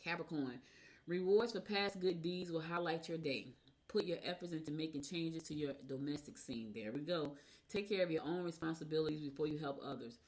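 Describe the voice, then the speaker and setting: A woman hosting a radio show, reading horoscopes in a casual, chatty way and rambling into personal asides. By her own account she talks fast. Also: sits low, darkish tone.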